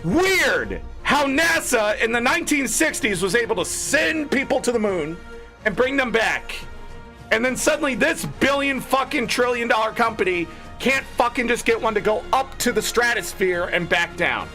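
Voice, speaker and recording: A man's voice: lively intonation, normal speed, sharp tone, soft background music. A man ranting angrily to viewers, swearing freely and mocking the people he disagrees with. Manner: angry, profane ranting; mocking quoted voices in lower tones. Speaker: gaming streamer. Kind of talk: ranting commentary.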